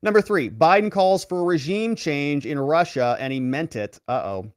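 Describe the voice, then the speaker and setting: A man's voice: moderate pace, no echo, studio quality. A man who is an attorney giving casual, sarcastic political commentary and reading articles aloud. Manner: animated and sarcastic, with wide swings in pitch.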